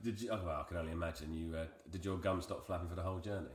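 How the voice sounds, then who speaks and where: A man's voice: low voice, steady tone, rapid-fire, roomy sound. A young man teasing his friend in casual chat. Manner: teasing, laughs often.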